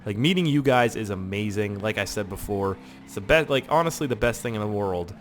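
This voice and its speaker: A man's voice: on the low side, expressive, brisk, a little hiss or hum. Rambling, profane gamer guy. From Canada. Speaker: gaming YouTuber. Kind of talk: casual storytelling over gameplay.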